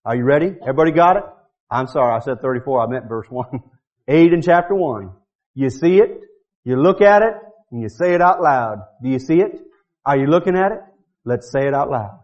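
A man preaching a revival sermon in church, swinging from quiet pleading to shouted, drawn-out climaxes. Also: medium pitch, animated, lo-fi sound.

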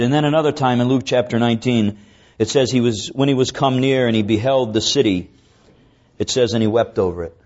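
A man preaching a sermon, reading scripture slowly and swinging between raised, urgent lines and low, hushed ones. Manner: preaching with dramatic rises and drops; slows down to draw out scripture quotes. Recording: dull lo-fi recording.

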